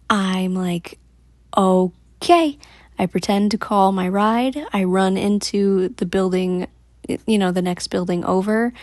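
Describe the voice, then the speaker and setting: A woman vlogger tells a long story straight to camera, chatty and animated, breaking into laughs along the way. Her voice has a gravelly fry to it and sits at an ordinary pitch. The sound is dry and close. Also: no echo.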